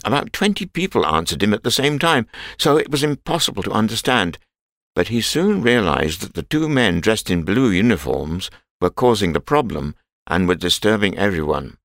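A man narrating a simple storybook in a clear, measured reading voice. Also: on the low side, very animated, a bit bright, dry recording, clean studio sound.

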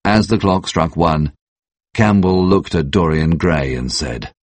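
Deep husky male narrator. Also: animated, measured pace, dry recording. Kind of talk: audiobook narration.

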